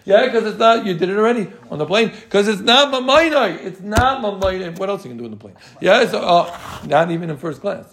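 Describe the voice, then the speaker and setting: Man, high-pitched, leading a Talmud class; quick rhetorical questions, joking with students. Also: expressive, fairly bright tone, slight background noise. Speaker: Talmud teacher.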